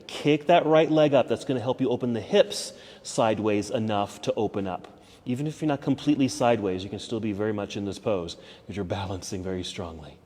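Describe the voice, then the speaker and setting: A man teaching a yoga class, calmly cueing poses step by step and easing toward relaxation, a little out of breath. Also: on the low side, brisk, in a large hall. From United States. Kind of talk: guided yoga class instruction. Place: yoga studio.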